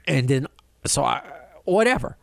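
A middle-aged podcast host tells a long story in a loose, chatty way, stumbling over his words and acting out what people said. His pitch swings widely and stays lively. The sound is dry and close, with no room echo. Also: normal speed, gravelly. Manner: animated, rambling with many restarts and quoted dialogue. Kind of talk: casual storytelling chat.

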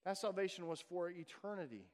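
High-voiced man preaching in a reverberant hall. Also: lively intonation, fairly quick. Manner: emphatic preaching with rhetorical questions. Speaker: pastor. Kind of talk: sermon.

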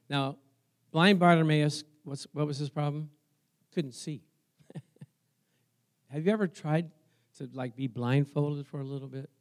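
A man with a somewhat high voice preaches to his congregation in a relaxed, conversational way. He asks for amens and moves between quiet asides and sudden loud cries. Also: unhurried, long pauses. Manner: swings from soft asides to loud exclamations. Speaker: pastor. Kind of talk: sermon.

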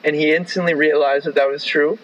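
A Canadian man spins a rambling anecdote, sprinkling "like" and "right?" through his sentences. His voice sits slightly high for a man, and the recording is a bit dull and lo-fi. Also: steady tone, a little fast, fairly bright tone. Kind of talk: casual spoken storytelling.

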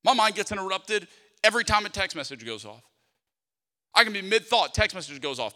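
A man's voice: high voice, lively intonation, a little fast, sharp tone. A man, preaching a sermon as pastor with emphatic repeated phrases and rhetorical questions. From South Louisiana, US. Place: church sanctuary. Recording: long hall reverb from a church sanctuary.

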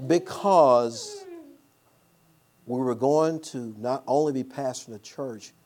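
A man's voice: mid-range voice, takes it slowly, a little mellow, a little hiss or hum. A man preaching a sermon as pastor, telling a personal story with call-and-response.

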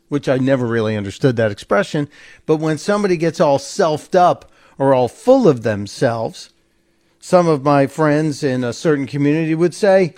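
A male talk radio host delivers an opinionated solo monologue. He speaks in a slightly higher register for a man and mocks the people he talks about with a sarcastic edge. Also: a little slow. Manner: sarcastic, animated commentary with mocking quotes.

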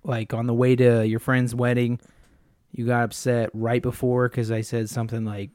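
A man's voice: mid-range voice, flat delivery, normal speed, darkish tone, dry recording, studio quality. A young man chatting casually with his girlfriend, rambling and joking about himself. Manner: rambling, self-deprecating, joking. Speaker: boyfriend in couple conversation. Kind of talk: casual couple chat.

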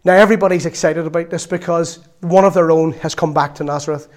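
A man's voice: on the high side, fairly even intonation, quick pace, a little mellow. A man preaching a sermon in a chatty storytelling way, with laughs and asides.

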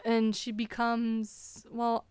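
Here a woman speaks extremely slowly in a clear, resonant, rather high voice, right up against the mic. As a podcast host, she gives an animated, sarcastic book recap, breaking into laughter frequently.

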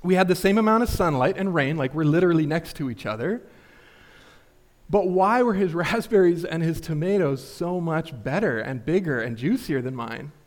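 Young male pastor, easygoing pulpit talker, pitched a touch high, peppers the sermon with "like" and "right?". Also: animated, moderate pace. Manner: casual, filler-heavy, asks rhetorical questions. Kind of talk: conversational sermon.

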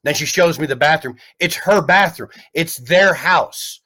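A comedian guest telling a story in casual chat, rambling and animated with lots of restarts. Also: male voice, fairly high pitch, unhurried.

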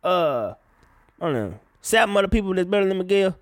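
A man talks through a loose, profane solo rant, his fairly high voice swinging up into loud yelps and back down again. The sound is dry and close, with no room behind him. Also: brisk, no echo. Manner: profane, animated, with sudden loud high outbursts. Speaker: solo commentator. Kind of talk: casual rant about music gossip.

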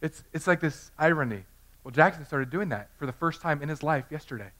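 A man's voice: fairly high pitch, expressive, fairly quick, a bit bright. A man in his thirties preaching a sermon in a conversational, self-deprecating way, telling personal stories. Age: 30s. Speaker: pastor.

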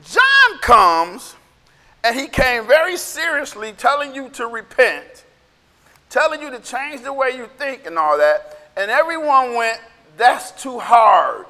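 A man preaching a Bible lesson with a very high, bright voice and a lively, swooping delivery. He is playful and emphatic and sometimes shouts for effect. The room has a long hall reverb. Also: unhurried. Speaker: Bible teacher. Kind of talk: animated sermon with acted-out quotes.

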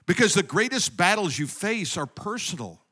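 A man's voice: high-pitched, big pitch swings, normal speed, sharp tone, slightly rough. A man preaching a sermon in a conversational way, rising with emphasis on key points. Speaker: pastor.

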